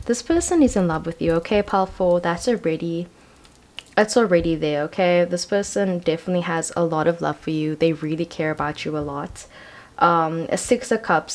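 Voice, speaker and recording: A young woman giving a casual tarot card reading, talking in a chatty, slangy way full of "like" and "I feel like". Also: fairly low pitch. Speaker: tarot reader.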